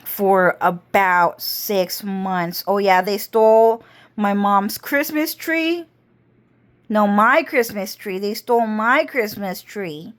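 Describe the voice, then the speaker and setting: A woman telling a rambling story to her camera, cursing constantly. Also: medium pitch. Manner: rambling, heavy cursing, slow drawl. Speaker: vlogger. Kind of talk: casual storytelling monologue.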